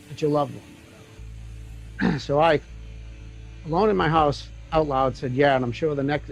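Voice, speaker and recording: A man's voice: fairly high pitch, a little mellow, rough recording. A man telling a reflective personal story in a conversational way. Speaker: interviewee.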